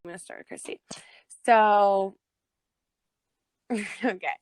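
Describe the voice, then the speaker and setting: A young woman co-hosting a podcast, telling a story in casual chat, animated and swearing, acting out the voices she quotes. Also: medium pitch, slow, clean tone. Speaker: podcast co-host.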